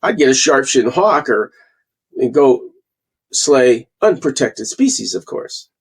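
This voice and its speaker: A man in his sixties from Canada, a guest falconer telling animated stories in a casual interview and acting out the quotes. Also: mid-range voice, slow pace, husky. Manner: animated storyteller, acts out quotes.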